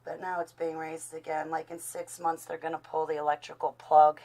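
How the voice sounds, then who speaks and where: A woman's voice: sits low, little pitch movement, fairly quick, warm tone. A woman hosting a casual video, out of breath and chatty, apologizing to her viewers. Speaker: video host. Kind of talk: casual chat.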